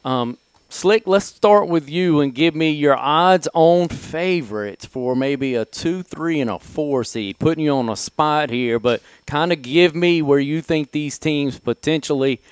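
Easygoing male host of a sports talk show, smooth voice, dry close sound. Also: fairly high pitch, unhurried, dry recording. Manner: easygoing, leading the discussion.

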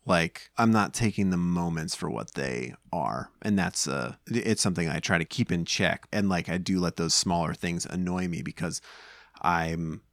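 Low-voiced man in casual chat. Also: moderate pace, dry recording, studio quality. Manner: rambling, many fillers and restarts. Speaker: podcast co-host. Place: home.

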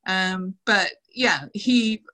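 A middle-aged woman, a former dancer, telling lively anecdotes in an interview. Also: medium pitch, very slow, low-quality recording. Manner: animated anecdotes, quoting others with laughs. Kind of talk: casual storytelling interview.

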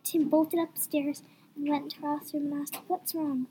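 A young woman reading a story aloud, lively, with a few slips. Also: high-pitched, moderate pace, a little hiss or hum. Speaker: story reader.

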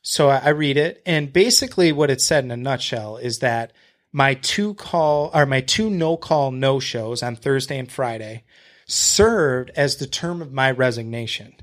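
A man's voice: mid-range voice, animated, measured pace. A man guest on a podcast, telling a story in casual chat, blunt and profane. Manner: blunt and profane, retelling a confrontation; talks to the host with fillers and restarts.

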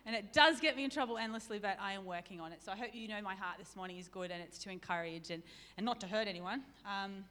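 A woman's voice: medium pitch, fast, few pauses, fairly bright tone. A woman preaching a sermon in a church, chatty and self-deprecating, laughing often. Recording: reverberant church hall.

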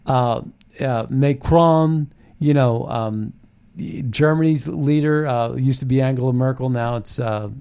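A man hosting a political commentary show, excited and rambling, with frequent restarts. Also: mid-range voice, measured pace, clear, resonant tone. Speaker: show host.

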